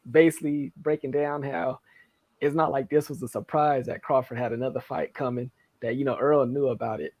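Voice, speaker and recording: A man's voice: mid-range voice, creaky, darkish tone, no echo. A man chatting casually as a co-host, blunt and swearing freely. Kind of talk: casual chat.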